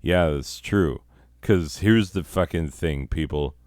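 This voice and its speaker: A man's voice: sits low, slow, darkish tone, dry recording, clean studio sound. A man hosting a comedy show, telling stories in a rambling, profane, casual way full of fillers. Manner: rambling, heavy swearing, many fillers. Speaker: comedy podcast host. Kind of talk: casual profane comic storytelling.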